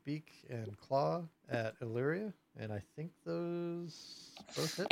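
A man narrating as game master of a tabletop game, casual and halting, full of fillers. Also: fairly high pitch, gravelly, background noise.

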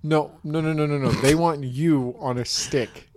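A man's voice: a little high, steady tone, unhurried, dry recording, close to an everyday voice. A man improvising a deferential ship officer who relays absurd orders and keeps breaking into giggles. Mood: harried. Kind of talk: improv comedy scene.

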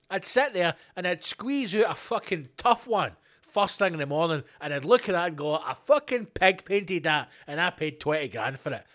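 A Scottish man rants through his own podcast with a high, lively voice. He swears freely and slips into quick acted-out exchanges between imagined people. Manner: sweary, animated, acts out little dialogues. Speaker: podcast host. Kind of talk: solo comedic rant.

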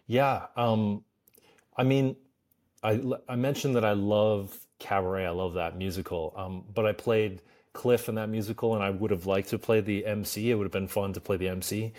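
Chatty low-voiced actor, self-deprecating. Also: male voice, a little mellow. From Canada. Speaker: guest actor. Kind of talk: casual interview chat.

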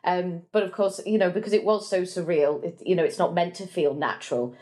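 A woman's voice: on the low side, steady tone, brisk, darkish tone. Casual woman giving her film opinions. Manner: casual, with frequent "like" and "you know". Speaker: podcast panelist.

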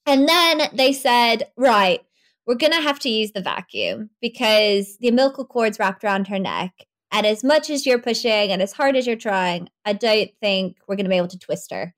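Young woman on a podcast, bit high voice, telling her birth story all animated and laughing. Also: normal speed. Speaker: podcast guest.

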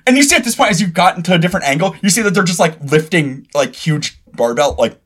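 A woman's voice: fairly low pitch, expressive, fast talker, a bit bright, breathy edge. A woman narrating as the game master of a tabletop game, describing scenes in a rambling way with fillers.

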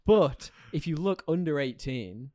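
A man co-hosting a casual podcast chat, talking quickly and laughing often. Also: fairly high pitch, animated, darkish tone, no echo, clean studio sound. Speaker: podcast co-host.

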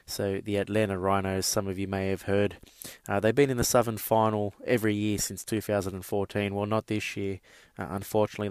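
A man hosts a podcast, running through sports results in a casual, chatty way with frequent uh fillers. His voice sits fairly low and stays flat, and the recording is dry and close. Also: clear, resonant tone, no room sound. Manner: chatty, many uh fillers, addresses listeners as guys. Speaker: podcast host. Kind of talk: casual sports news rundown.

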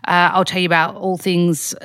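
A woman's voice: fairly low pitch, flat delivery, moderate pace, fairly bright tone, no room sound, studio quality. A woman with an Australian accent hosting a casual diary podcast, chatting in an upbeat way and sprinkling in "like". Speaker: podcast host. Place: small closed room at home.

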